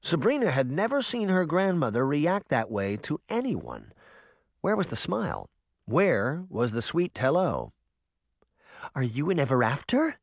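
A male audiobook narrator with a lively, well-varied melody. He keeps a steady storytelling flow, and the recording is close and dry with no room sound. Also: a little high, measured pace, creaky, no echo.

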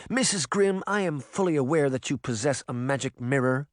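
A man's voice: mid-range voice, lively intonation, normal speed, no room sound, studio quality, close to an everyday voice. A man reading a storybook voices a cold, commanding former queen who speaks in a cool, clipped manner. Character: icy, imperious female sorceress, a former queen. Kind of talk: audiobook character reading.

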